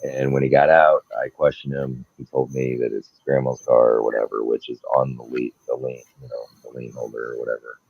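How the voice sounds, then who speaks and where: A man co-hosting a podcast, telling stories in a casual, animated way and acting out the people in them. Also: extremely low pitch, a little fast, vocal fry, few pauses, husky, dry recording. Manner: animated anecdote-telling, acting out quoted people, laughs often. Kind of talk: casual storytelling chat. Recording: dull lo-fi dry sound.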